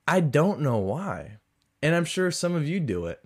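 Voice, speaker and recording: Rambling podcast host with shifting drawl. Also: male voice, a little high, moderate pace, husky. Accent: mix of Southern US and Boston. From American South and New England. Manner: rambling, self-mocking, animated. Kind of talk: casual storytelling monologue.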